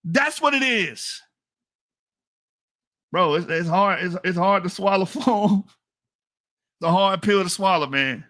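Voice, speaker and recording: A man's voice: high voice, a little slow, a bit bright. A man from the United States giving a heated, profane commentary rant into a mic, repeating points for emphasis and laughing at his own jokes. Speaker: online commentator. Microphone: talking into a mic.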